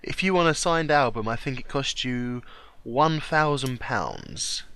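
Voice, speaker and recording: A man's voice: mid-range voice, unhurried, fairly bright tone, smooth, no echo. A man co-hosting a podcast in casual chat, laughing often between remarks. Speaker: podcast co-host.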